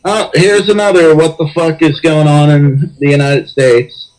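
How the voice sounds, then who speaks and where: A man's voice: a little high, fairly even intonation, unhurried, a little mellow, low-quality recording. A young man co-hosting a casual podcast, blunt and profane, reacting to the news with disbelief. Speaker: podcast co-host. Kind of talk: casual chat.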